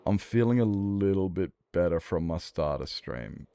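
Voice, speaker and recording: A man's voice: low-pitched, lively intonation, moderate pace, vocal fry, mellow, clear, resonant tone. A young man streaming, talking candidly in a rambling, sweary, casual way. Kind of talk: casual livestream chat.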